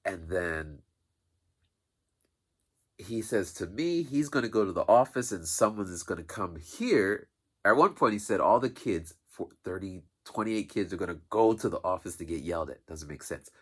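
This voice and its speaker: A man, a teacher, telling a rambling school story in an animated, casual way. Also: low-pitched, normal speed, husky. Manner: animated, rambling, with many restarts. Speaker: teacher and vlogger.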